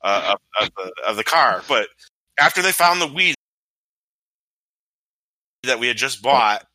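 A man's voice: mid-range voice, sing-song, unhurried, pushed and bright, no room sound, rough recording. A man chatting casually as a podcast co-host, telling a story heatedly and swearing heavily. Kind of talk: casual chat.

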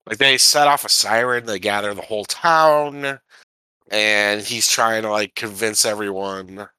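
A man's voice: on the low side, fairly even intonation, measured pace, pushed and bright, clean tone, no echo. A man co-hosting a film podcast in casual chat, rambling with lots of filler words. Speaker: podcast co-host reviewing a film.

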